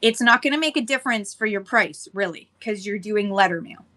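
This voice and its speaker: A woman's voice: mid-range voice, brisk, pushed and bright. A woman hosting a casual livestream chat, chatty and laughing often as she greets viewers by name. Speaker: livestream seller host.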